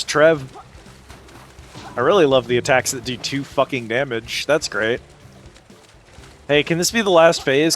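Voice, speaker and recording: A man's voice: mid-range voice, a bit bright. Sarcastic, swearing man streaming a game. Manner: sarcastic, joking, swears freely. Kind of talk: casual gameplay commentary.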